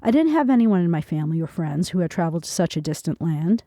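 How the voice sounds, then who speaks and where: Mellow-voiced woman reading her memoir. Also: on the low side, big pitch swings, fast talker, dry recording. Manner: earnest, storytelling delivery.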